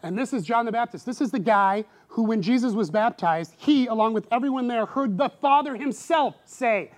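A middle-aged man preaching a sermon in a lively way, acting out voices with sudden loud outbursts. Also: normal speed, hardly any pauses. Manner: animated, acts out quoted voices with big pitch jumps. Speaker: pastor.

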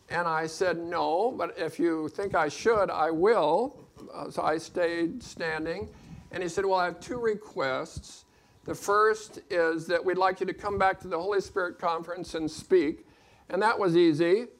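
Higher-voiced man telling a church story. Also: fairly bright tone. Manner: folksy, anecdotal storytelling with dry humor. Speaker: ministry leader speaking to a congregation. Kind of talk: personal testimony to a congregation.

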